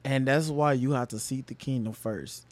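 A young man co-hosting a casual faith podcast, animated and repeating phrases for emphasis. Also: medium pitch, moderate pace, dry recording. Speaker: podcast co-host.

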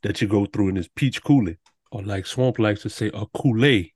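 A man's voice: fairly low pitch, brisk, warm tone, no room sound. A man with a Cajun accent, co-hosting a casual podcast chat in a laid-back, joking, drawling way. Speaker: podcast co-host.

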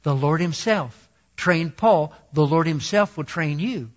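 High-voiced, chatty male preacher. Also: measured pace. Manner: conversational, self-deprecating, laughing asides. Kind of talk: sermon. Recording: dull lo-fi recording.

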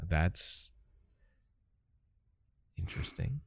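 A woman's voice: drawn-out words, no room sound. A woman co-hosting a casual movie podcast, teasing her co-host in a dry way.

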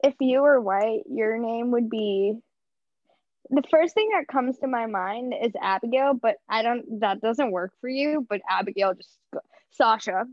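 A young woman with a high, bright pitch co-hosts a casual podcast, rambling through her thoughts with plenty of fillers and jokes at her own expense. The sound is dry and close, with a slightly muffled, lo-fi quality. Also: measured pace, no room sound. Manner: rambling, filler-heavy, self-mocking. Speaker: podcast co-host. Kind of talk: casual chat.

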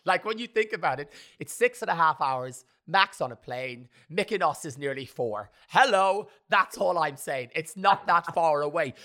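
Young guy, bright sharp voice, teasing chatty host. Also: fairly high pitch, moderate pace, few pauses. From Ireland. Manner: teasing, animated storyteller. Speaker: podcast host. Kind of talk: casual chat.

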